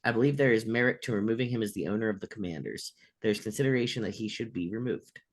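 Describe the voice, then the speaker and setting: Low-voiced man chatting about sports. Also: fast talker. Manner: rambling, filler-heavy, lots of "like". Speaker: co-host. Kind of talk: casual sports talk, reading news items.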